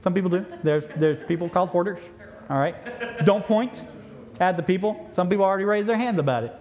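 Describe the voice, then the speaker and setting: A male preacher telling a story in a sermon, animated and joking, on a dull lo-fi recording. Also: high voice, a little fast.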